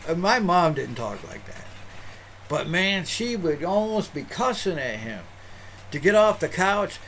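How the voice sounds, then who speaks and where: Casting: middle-aged male pastor, chatty rambling livestream host, slightly higher voice, faint background noise. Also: animated, moderate pace, a bit bright, poor audio. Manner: rambling, chatty storytelling with many restarts. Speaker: pastor hosting an online show. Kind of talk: casual chat on a livestream.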